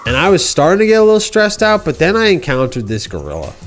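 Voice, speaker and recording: A man's voice: a little high, wildly swooping pitch, fast, soft background music. A man hosting a game livestream, telling a goofy story in casual slang, rambling with restarts. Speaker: livestream host.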